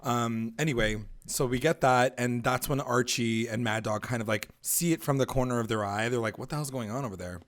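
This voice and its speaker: A man's voice: mid-range voice, brisk, few pauses. A man co-hosting a TV recap podcast, chatting loosely and swearing, often acting out the characters' lines. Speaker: podcast co-host. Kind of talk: casual recap chat.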